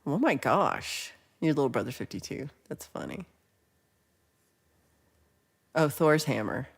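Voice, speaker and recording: A woman's voice: a bass voice, very animated, moderate pace, creaky, breathy edge. A woman hosting a casual livestream, chatting, teasing and laughing as she reads viewer comments. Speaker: livestream host.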